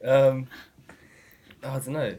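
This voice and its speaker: A young man, a student guest chatting casually, relaxed and self-deprecating. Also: medium pitch, slow, slightly rough. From Surrey, England. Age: young adult. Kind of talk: casual interview chat.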